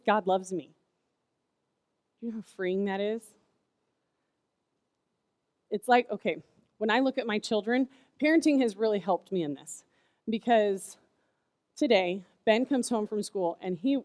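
Speaking in a mid-range voice over a dry, studio-quality recording, a woman in her thirties preaches to kids. As a youth speaker, she keeps it casual and chatty, animating her stories and filling them with "like."

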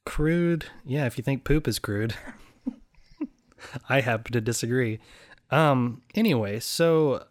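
A woman's voice: extremely low pitch, takes it slowly, long pauses. A woman from the American South in casual chat, rambling and giggling, breaking into sung and acted bits.

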